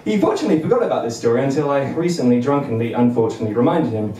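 A man's voice: medium pitch, sing-song, very fast, mellow, a little hiss or hum. A young man doing a bumbling, self-deprecating stand-up set on a comedy club stage, chuckling between lines. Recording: roomy venue, mic at a distance.

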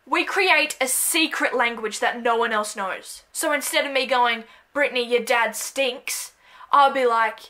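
Aussie girl doing a jokey vlog bit, high bright voice, goofy and self-deprecating. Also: normal speed, few pauses. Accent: Australian. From Australia. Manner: playful, self-mocking, jumps into loud bursts. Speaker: vlogger. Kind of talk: comedic scripted monologue to camera.

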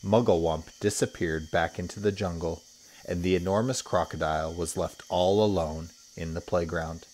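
A man, a teacher, reading a children's story aloud with expressive storytelling. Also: deep voice, normal speed, slight background noise.

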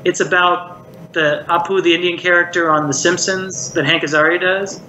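Guesting on a casual interview, this middle-aged Maryland man, a puppeteer and voice actor, reflects aloud and leans heavily on "like" and "you know." He speaks at a normal speed in a high, steady, sharp voice, captured with roomy echo and a faint hiss.

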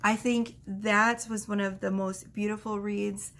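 A woman tarot reader talking gently and affectionately to her viewers, reading oracle card messages aloud slowly. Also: mid-range voice, level tone.

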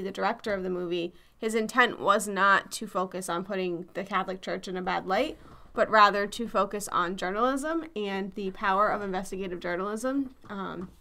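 A young woman with a Massachusetts accent co-hosts a podcast in casual chat. Her mid-range voice sounds pushed and bright, and her chatty talk is full of fillers and hedges.

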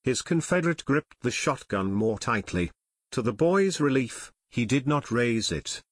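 A male audiobook narrator tells the story in a steady, measured way. His voice sits at mid pitch and is recorded dry and close, with no room sound. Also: slightly rough, no echo. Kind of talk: scripted narration.

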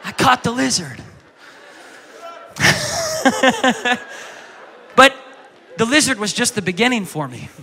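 A pastor preaching a sermon in a bright, ringing, fairly high voice, with lots of echo from a long hall reverb. He tells stories with animation and acts out the voices of the people in them. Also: fairly quick, gravelly, slight background noise. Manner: animated storytelling, acting out childhood voices loudly.

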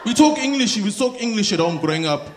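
A South African man from Durban doing a stand-up comedy set in a theatre, animated and slipping into mimicked voices. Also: high-pitched, fast. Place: large theatre stage. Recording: live theatre with audible crowd noise. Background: audience laughter.

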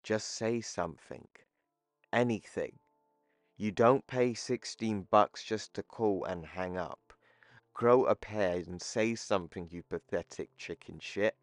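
A man's voice: fairly low pitch, takes it slowly, no room sound. A man voicing a brooding, lonely male scientist muttering to himself, close to his own speaking voice. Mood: self-loathing.

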